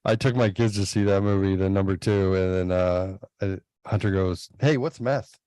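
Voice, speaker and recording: A man's voice: low-pitched, normal speed, clear, resonant tone, dry recording. A man in his thirties telling family stories in a casual chat, acting out quoted lines with a raised voice. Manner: animated, acts out quotes in raised voice.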